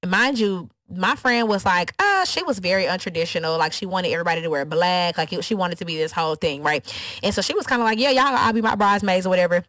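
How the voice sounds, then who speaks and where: A young woman co-hosting a casual podcast, telling a story and acting out what others said in higher voices. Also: fast, no echo. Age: young adult. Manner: animated storyteller, acts out quotes in high voices. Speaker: podcast co-host.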